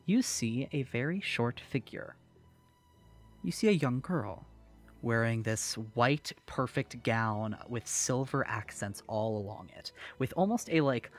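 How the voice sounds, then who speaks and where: A man narrating as game master of a tabletop game, casual and animated with frequent fillers. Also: mid-range voice.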